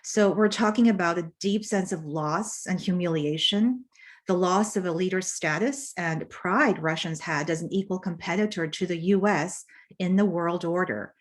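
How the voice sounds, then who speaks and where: Woman on a video call panel, fairly low voice, careful academic talk, lots of uh and um. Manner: measured, many fillers and restarts. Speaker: panelist presenting research.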